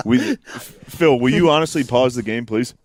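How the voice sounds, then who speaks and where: A man's voice: mid-range voice, a little slow, dry recording. A young man on a podcast, teasing and goading in casual banter. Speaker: podcast host.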